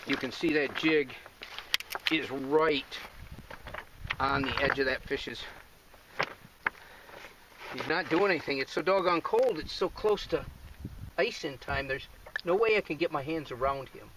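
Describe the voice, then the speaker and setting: A man talking straight to the camera from a river bank, folksy and excited and audibly out of breath. His voice sits a little high. Clear outdoor noise runs under the camera mic. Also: unhurried, long pauses. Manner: excited, folksy, talks to viewers directly. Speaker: fishing show host. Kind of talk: outdoor fishing commentary.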